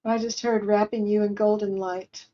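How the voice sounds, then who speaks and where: A woman hosting a livestream as a spiritual medium, channeling gentle, consoling messages from the other side for her viewers at home. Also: medium pitch, level tone, normal speed, muffled recording.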